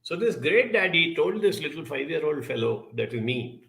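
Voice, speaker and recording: A man giving a reflective self-help talk, telling a childhood story in an unhurried way and acting out the people he quotes. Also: fairly high pitch, vocal fry, low-quality recording. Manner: storytelling, quoting others in lively voices; unhurried, spoken as if to listeners.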